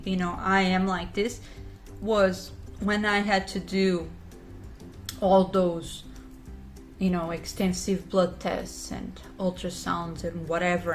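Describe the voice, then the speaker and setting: Thirties woman, mid-pitch, candid pregnancy vlog, rambling and emotional, faint music under. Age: 30s. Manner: emotional, rambling, heavy on "you know" and "like". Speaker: pregnant vlogger. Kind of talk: casual confessional vlog chat.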